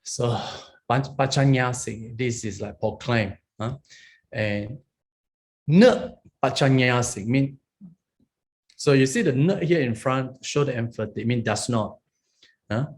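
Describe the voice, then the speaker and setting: A man's voice: mid-range voice, unhurried. A man teaching Pali grammar, walking through each word and checking in with his listeners as he goes. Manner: explains step by step, checks in with "huh?" and "okay?".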